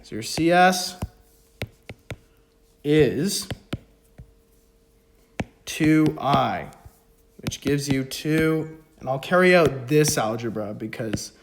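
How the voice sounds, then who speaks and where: Slow, joking male economics tutor. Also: mid-range voice, lively intonation, noisy background. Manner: joking, self-mocking asides between steps. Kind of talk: casual spoken math walkthrough.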